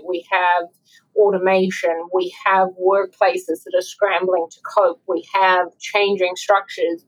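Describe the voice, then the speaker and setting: A woman's voice: fairly low pitch, poor audio. A woman, telling personal stories earnestly as a guest author in an interview. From South Africa. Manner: earnest, heartfelt storytelling. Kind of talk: interview conversation.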